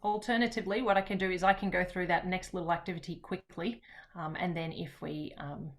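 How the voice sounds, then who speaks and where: A woman presenting to teachers in an online session, talking in a relaxed, chatty way with frequent pauses. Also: lowish voice.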